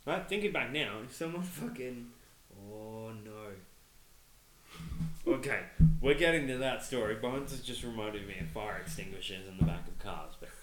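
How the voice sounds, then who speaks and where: A man's voice: medium pitch, lively intonation, normal speed, fairly bright tone, slight background noise. A man, co-hosting a podcast, telling a story in casual chat, swearing constantly and laughing as he goes. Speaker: podcast co-host. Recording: echoey room.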